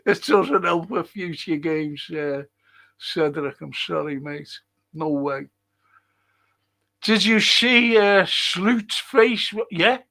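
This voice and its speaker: A man's voice: on the high side, slow, pushed and bright. A middle-aged man, hosting a casual football livestream and answering viewer comments bluntly, swearing often. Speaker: football podcast host.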